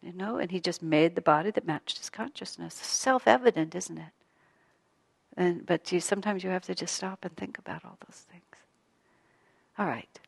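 A woman's voice: lowish voice, normal speed, vocal fry, slightly rough, big-room sound. A woman giving an evening spiritual talk to a gathered group, telling stories about herself in a reflective way and laughing lightly at her own mistakes. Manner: reflective, storytelling, self-deprecating with light laughs. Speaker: spiritual teacher.

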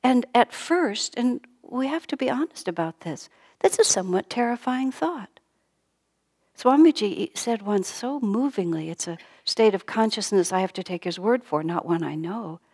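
A middle-aged woman giving a sermon, speaking gently and dropping to a soft whisper on key lines. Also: medium pitch, animated, moderate pace, husky. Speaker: spiritual teacher.

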